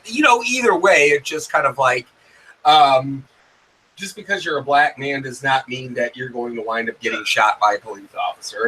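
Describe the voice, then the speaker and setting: Very sharp-voiced, halting male guest. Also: medium pitch, slight background noise, poor audio. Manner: hesitant, restarting, with frequent fillers. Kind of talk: casual discussion.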